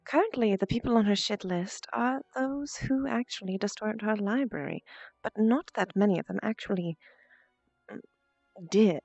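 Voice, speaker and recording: A woman's voice: medium pitch, gravelly, darkish tone, dry recording, highs cut off. A woman streamer chatting casually about her role-play plans.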